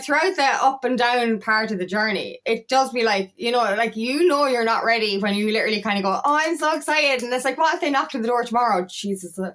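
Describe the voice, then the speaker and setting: A woman's voice: medium pitch, a bit bright. A woman coach talking candidly to camera about spiritual healing, swearing freely and padding with "like" and "you know". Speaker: empowerment coach. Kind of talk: casual spiritual talk to camera.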